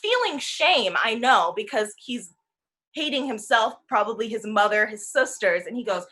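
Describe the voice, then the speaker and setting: A young woman in her twenties, speaking as a guest on a talk show panel. Her voice sits a little high and sounds bright and forceful. She tells her story casually and slips into the voices of the people she quotes. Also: normal speed. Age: 20s. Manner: animated, acts out quoted voices.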